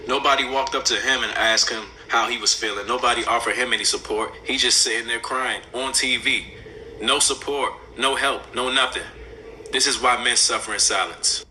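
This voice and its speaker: A man's voice: mid-range voice, steady tone, normal speed, bright, forceful tone, a little hiss or hum, low-quality recording. A man ranting indignantly in angry commentary, swearing freely.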